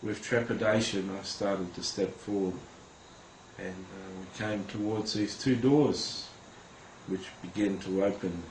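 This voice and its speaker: A man telling a personal religious testimony to camera, earnest and halting, with many hesitations, speaking directly to viewers. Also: deep voice, fairly even intonation, slight background noise. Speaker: Christian recounting a vision. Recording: roomy with faint ambience.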